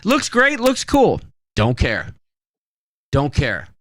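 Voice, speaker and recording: A man's voice: fairly high pitch, huge pitch swings, slow pace, a bit bright, no echo. A man hosting a casual podcast, telling rambling stories with many fillers. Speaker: podcast host. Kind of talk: casual chat.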